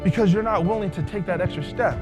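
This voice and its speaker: A man giving a motivational speech at a live event, telling a story in an animated way and acting out the dialogue. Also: high-pitched, quick pace, in a large hall, over music. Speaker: motivational speaker. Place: large hall, live event.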